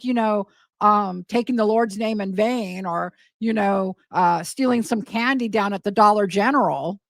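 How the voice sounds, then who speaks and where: Incredulous woman host, fairly high voice. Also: gravelly, fairly bright tone, dry recording. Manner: incredulous, emphatic, repeats words for effect. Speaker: commentary host. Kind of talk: casual commentary.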